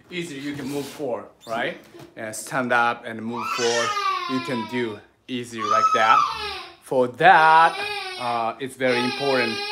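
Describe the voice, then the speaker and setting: A man with a Japanese accent leads a livestreamed sword lesson from home. He talks haltingly, with many fillers, coaching and reassuring his students. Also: medium pitch, very noisy. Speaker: sword instructor.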